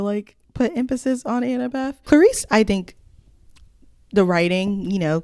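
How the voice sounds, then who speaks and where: A woman's voice: fairly low pitch, vocal fry, a little mellow, dry recording, clean studio sound. A young adult woman giving casual rant commentary on films at home, conversational, with trailing asides and sarcastic remarks. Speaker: film commentator.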